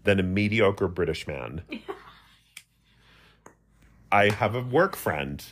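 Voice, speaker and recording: A man's voice: fairly low pitch, lively intonation, slow, fairly bright tone, slight background noise. Guy cohosting a comedy podcast, rambly and giggly, voice bouncing all over. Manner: rambling, giggly, self-mocking. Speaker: podcast co-host. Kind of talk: casual comedic chat.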